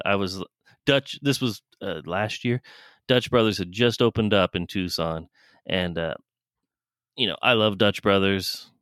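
A man's voice: low voice, a bit bright, clean tone, dry recording, studio quality. A man co-hosting a podcast, telling a rambling, laughing story with swearing in casual chat. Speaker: podcast co-host.

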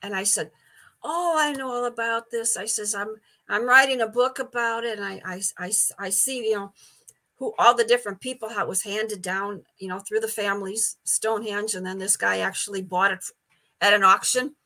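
A woman's voice: medium pitch, fairly even intonation, a little fast, pushed and bright. An older woman telling stories as a guest in a casual interview, chatty, stumbling over repeated words and laughing often. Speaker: psychic medium guest.

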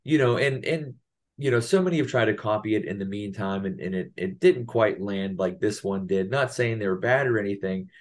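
A man's voice: on the low side, brisk. A man appearing as a podcast guest, chatting casually and agreeing often in short replies. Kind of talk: casual chat.

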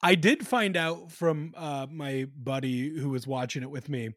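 Podcast co-host, man, wry storyteller, a bit high-pitched. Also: a little slow, fairly bright tone, no echo, clean studio sound. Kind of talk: casual chat.

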